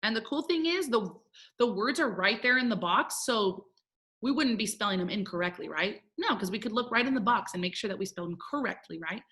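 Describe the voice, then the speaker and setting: A woman's voice: medium pitch, expressive, brisk, sharp tone. A woman teaching a first grade phonics lesson, upbeat and encouraging as she talks to young children. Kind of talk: recorded remote phonics lesson.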